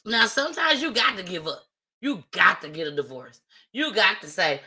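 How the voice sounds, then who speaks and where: A woman's voice: fairly low pitch, sing-song, unhurried, sharp tone, rough recording. A woman hosting a live stream, talking casually and from the heart straight to her viewers. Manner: chatty, heartfelt, addresses viewers directly. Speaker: livestream host. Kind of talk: casual livestream talk.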